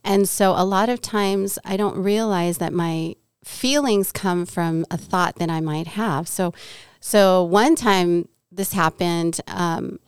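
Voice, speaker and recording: A middle-aged woman from Southern California tells a personal faith story with an animated delivery, acting out the lines of the people in it. Her voice is smooth and clear, and the room sounds dry and close. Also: on the low side, slow pace, no echo. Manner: animated storyteller, acts out quoted dialogue. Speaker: podcast guest.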